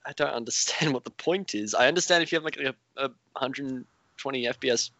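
A man's voice: medium pitch, brisk, a bit bright, dry recording, dull audio. An Australian man co-hosting a casual games chat, joking and swearing freely. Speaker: podcast co-host.

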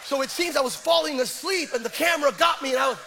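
A middle-aged male pastor preaching with animated, self-deprecating personal stories and frequent stammered restarts. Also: extremely high pitch, fast, creaky, background noise. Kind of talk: sermon with personal storytelling.

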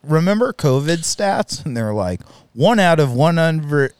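A man's voice: on the high side, sing-song, a little slow, darkish tone, clean tone. A man co-hosting a podcast round table, chiming in agreeably in casual chat. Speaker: podcast co-host.

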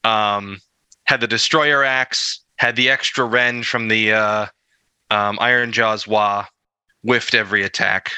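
Podcast guy rambling through a game recap, lots of ums, super bright voice, dead dry sound. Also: lowish voice, fairly even intonation, unhurried, smooth, no room sound. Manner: rambling, many fillers, self-deprecating chuckles. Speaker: podcast co-host. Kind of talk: casual chat about tabletop gaming.

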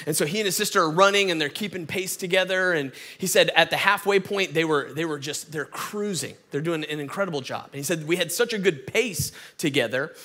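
Man, Southern accent, pastor, casual sermon, bright forceful voice. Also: on the high side, fairly quick, few pauses. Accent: Southern US (Atlanta). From Atlanta, Georgia. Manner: conversational, folksy, many fillers and restarts. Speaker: guest pastor.

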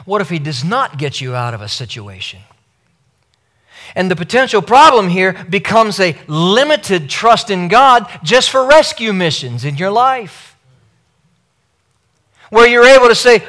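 A man's voice: high voice, very animated, unhurried, long pauses, a bit bright. A man preaching a sermon, emphatic and repeating key phrases as he addresses his listeners directly.

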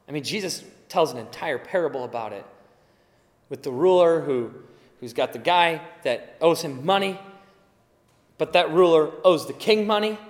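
A man preaching a sermon in an earnest, emphatic way, now and then acting out the voices he quotes. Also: a little high. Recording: echoey hall with long reverb.

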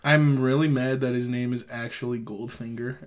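A man's voice: mid-range voice, steady tone, normal speed. A man co-hosting a film podcast, cracking crude jokes and laughing a lot in casual chat. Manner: jokey and profane, laughs a lot. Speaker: podcast co-host.

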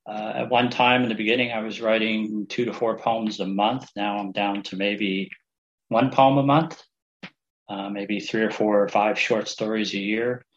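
A man's voice: on the low side, fairly even intonation, moderate pace, lo-fi sound. A man from New Jersey, a writer guest on a radio interview, chatting in a friendly, easygoing way. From New Jersey, United States. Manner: friendly and chatty, laughs easily.

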